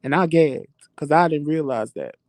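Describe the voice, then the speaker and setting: Man hosting a loose live chat, slightly high voice, dry close sound, swears freely, animated storyteller. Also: moderate pace, no echo. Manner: animated, profane, laughing storyteller. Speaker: livestream chat host. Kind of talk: casual live chat answering viewer comments.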